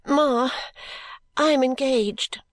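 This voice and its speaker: A woman voicing a tearful, emotional young woman who pleads in a high voice. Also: takes it slowly, no room sound, clean studio sound. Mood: tearful pleading.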